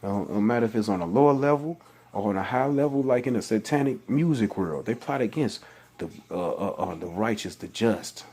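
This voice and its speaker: A religious vlogger gives an informal scripture talk, reading passages aloud and preaching on them in loose, everyday language full of restarts and exasperated questions. His voice is lowish, dark and slightly rough, and he speaks in an animated, brisk way.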